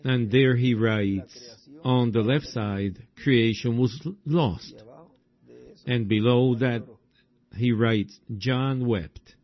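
Man, sermon, unhurried drawn-out preaching, exclamations, muffled old recording. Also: mid-range voice. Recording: dull lo-fi recording.

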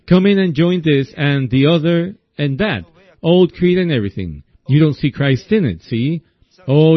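A man preaching a sermon in a slow, folksy storytelling way, often asking his listeners "see?". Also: on the high side, no room sound. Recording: dull lo-fi recording.

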